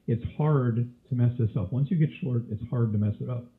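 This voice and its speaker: A man's voice: mid-range voice, brisk. A man teaching a live trading webinar, quizzing his listeners with question after question, with a cough and a scratchy throat. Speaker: trading instructor. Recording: tinny phone-like audio.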